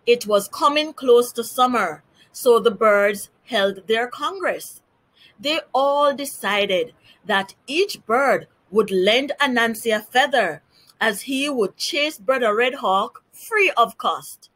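A woman reading a children's story aloud, slow, clear and deliberate. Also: a little high, expressive, a bit bright.

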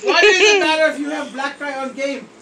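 A woman vlogging while playing a video game at home, joking crudely, often yelling and laughing, her voice strained from yelling. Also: high-pitched, animated, fairly quick, over a noisy crowd. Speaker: gameplay vlogger. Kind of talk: casual gaming banter.

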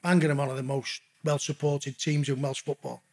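A man's voice: mid-range voice, little pitch movement, fairly quick, a little mellow, slightly rough. A middle-aged man telling stories as a podcast guest in a blunt, casual way, swearing constantly and calling the host mate. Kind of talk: casual storytelling interview.

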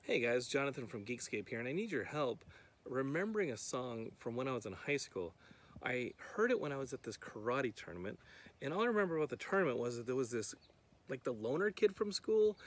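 A man's voice: medium pitch, very animated, brisk. A man recording a casual, comedic video clue, rambling and sounding puzzled. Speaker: podcast host giving a video clue.

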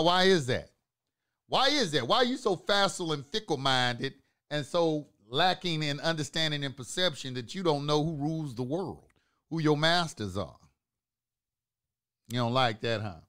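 A man hosting an online talk channel, delivering an emphatic, preachy monologue to live viewers, repeating phrases for emphasis and swinging from low asides to loud outbursts. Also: clear, resonant tone.

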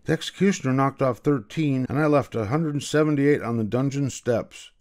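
A man's voice: mid-range voice, normal speed, darkish tone, dry recording, studio quality, voice pushed up, close to an everyday voice. A man voicing a polite, earnest young boy in a storybook reading. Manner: earnest and eager.

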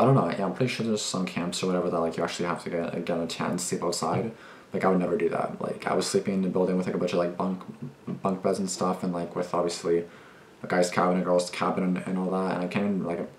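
In an echoey room with a little hiss or hum, a young man with a low-pitched voice hosts a reaction video. He talks casually but agitatedly, rambling, swearing often and restarting.

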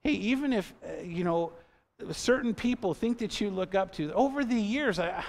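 A man's voice: high-pitched, lively intonation, moderate pace, vocal fry, a little mellow. A man in his fifties preaching a sermon as pastor in a church, earnest and conversational, with asides to the congregation. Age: 50s. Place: church sanctuary.

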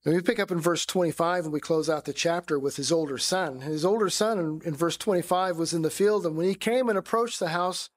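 Male Bible teacher, high voice, conversational sermon style. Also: fairly quick, hardly any pauses. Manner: conversational, acts out quoted voices.

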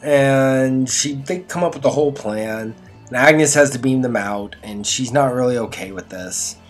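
A man talks through a TV episode in a loose, rambling review, pitched at an ordinary middle height for a man. He drops dry, sarcastic jabs between plot points. Faint music sits quietly behind his voice. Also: measured pace. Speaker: show reviewer. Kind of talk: casual spoken review.

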